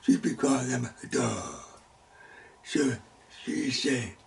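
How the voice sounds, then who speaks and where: A man teaches a Sunday school Bible lesson slowly and deliberately in a gravelly, mid-range, animated voice. His speech comes in halting fragments punctuated by sudden loud exclamations. He sounds distant from the mic in a church classroom, with slight background noise.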